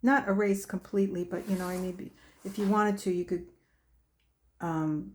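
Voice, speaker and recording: A faint hiss or hum accompanies this woman's medium-pitched voice, which has fairly even intonation. Hosting a painting demonstration as an art tutorial, she chats slowly and casually, talking to herself as she goes.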